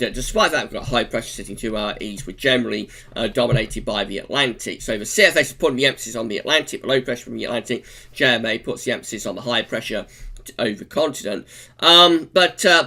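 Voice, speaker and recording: Male forecaster, bright clear voice, relaxed off-the-cuff chart commentary with frequent self-corrections. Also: medium pitch. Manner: chatty and unscripted, frequent "uh" fillers and self-corrections. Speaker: weather forecaster, channel host. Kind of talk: informal long-range weather forecast commentary over charts.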